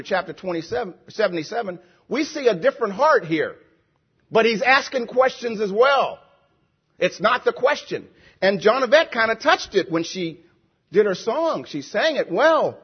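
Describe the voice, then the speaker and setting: High-voiced husky male preacher. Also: dull audio. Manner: repetitive, emphatic preaching with drawn-out phrases. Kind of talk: sermon.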